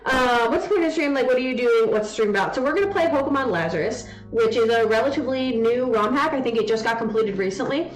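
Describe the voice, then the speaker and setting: A young woman chats casually through a game stream, stopping now and then to coo at her baby. Her voice sits a little high, and it echoes in the room. Soft music plays underneath. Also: lively intonation, fast talker, hardly any pauses. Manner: chatty, doting baby talk to her daughter. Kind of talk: casual live-stream chat.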